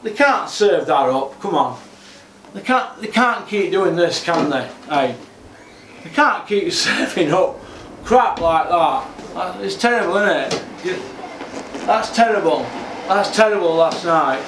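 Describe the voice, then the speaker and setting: Brief: man, high-pitched, fuming solo rant, recorded off-mic in an echoey gym. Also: animated, a little slow, a bit bright, recorded from a distance. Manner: exasperated, repetitive ranting. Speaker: boxing commentator. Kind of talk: ranting vlog monologue. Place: home gym.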